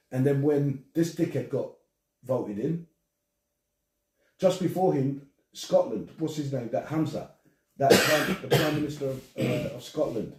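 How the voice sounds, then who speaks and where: An older man hosting a casual podcast chat, animated and swearing as he rants. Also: medium pitch, slight background noise. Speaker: podcast host. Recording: echoey room, distant from mic.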